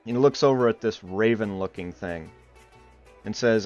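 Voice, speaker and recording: Man, game master, from Iowa, rambling narration, fillers, low voice, muffled audio. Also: moderate pace, a little mellow. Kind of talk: narrating a tabletop game livestream. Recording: muffled livestream audio with faint music.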